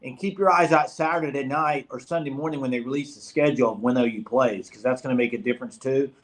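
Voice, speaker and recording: A man's voice: mid-range voice, quick pace. A young man co-hosting a casual college football recruiting chat, emphatic and giving direct advice to viewers.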